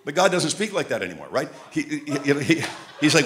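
Older guy from montreal preaching, bright punchy voice, jokey stories, gets loud and slow on big lines. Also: mid-range voice, sing-song. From Montreal, Canada. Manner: humorous storytelling, shouting up to loud emphatic peaks. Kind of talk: sermon.

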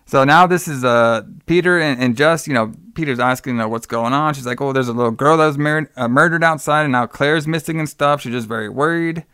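A man's voice: medium pitch, a little fast, hardly any pauses, pushed and bright, clear, resonant tone, dry recording, clean studio sound. Rambling man retelling a movie plot. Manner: rambling, swears freely, acts out characters' lines. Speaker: podcast co-host recapping a horror film. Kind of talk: casual chat.

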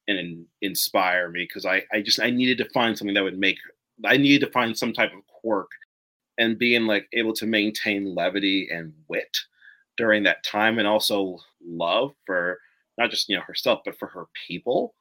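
A man who writes comics, talking casually as a guest, animated and quick to laugh, with many fillers. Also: fairly low pitch. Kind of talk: casual conversation.

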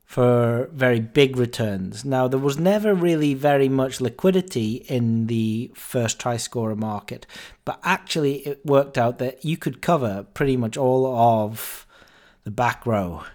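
Male podcast host, mid-pitched, casual storyteller who acts out the dialogue. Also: measured pace. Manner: chatty, animated anecdote-telling with fillers and quoted dialogue.

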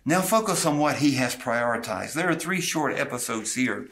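Male pastor, earnest expository preacher, bright voice, middle pitch, occasional restarts. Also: animated, normal speed, slight background noise. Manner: earnest preaching, paraphrases scripture with asides and small restarts. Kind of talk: expository sermon.

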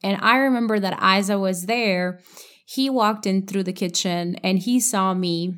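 A woman's voice: mid-range voice, a little slow, fairly bright tone. A woman hosting a podcast, telling a personal story in an earnest, reflective way, with many "like" fillers. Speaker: podcast host and coach.

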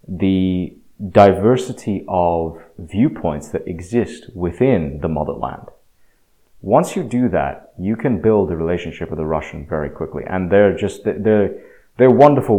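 A man's voice: low-pitched, darkish tone. A man talking in a reflective, self-deprecating casual monologue, hesitant with many fillers and restarts. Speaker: speaker sharing experience.

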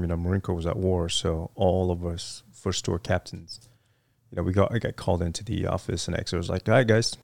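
A middle-aged man with a deep, gravelly voice, recorded with no room sound, appears as a guest in a casual interview. He's a retired Marine officer who tells stories in a rambling way, full of fillers and restarts.

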